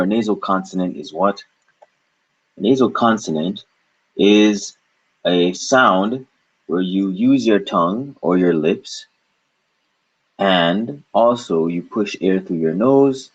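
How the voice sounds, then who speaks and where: A man's voice: low-pitched, slightly rough. A man teaching a recorded language lesson, explaining patiently and asking and answering his own questions. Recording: dull lo-fi recording.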